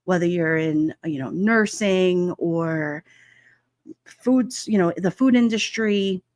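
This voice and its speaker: A woman's voice: lowish voice, slow pace, a little mellow, no room sound, studio quality. A woman from Brooklyn, hosting a casual livestream chat, reading viewer comments and laughing often between many fillers. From Brooklyn, New York. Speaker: livestream host. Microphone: headset mic with headphones.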